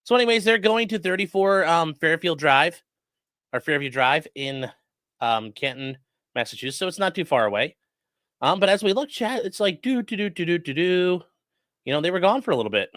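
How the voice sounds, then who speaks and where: Male attorney-streamer, casual and profane, bright close dry voice. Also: fairly high pitch, lively intonation, fairly quick, no room sound. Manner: loose, profane, chatty. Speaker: defense attorney reacting to trial stream. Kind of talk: casual live-stream commentary.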